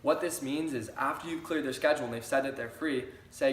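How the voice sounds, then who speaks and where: A man's voice: medium pitch, a little fast, hardly any pauses. A young man giving an upbeat sales training talk, repeating key phrases for emphasis. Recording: roomy echo.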